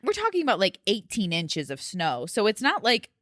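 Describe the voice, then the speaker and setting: Podcast co-host, woman, lively pitch, dry sound, quick jokes. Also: no room sound. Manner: chiming in with quick agreements and jokes. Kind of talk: casual chat.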